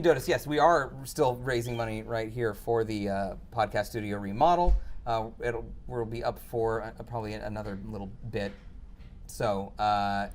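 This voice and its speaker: A young man hosting a casual podcast from a home studio, reading chat messages and swearing freely, with excitable jumps in pitch. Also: a little hiss or hum. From Texas.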